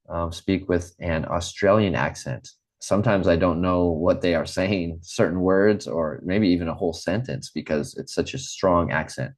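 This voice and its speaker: A man from the American Midwest with a plain General American accent, teaching an online English class in an encouraging way, repeating phrases and often pausing with um. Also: sits low, a little mellow. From Midwest United States.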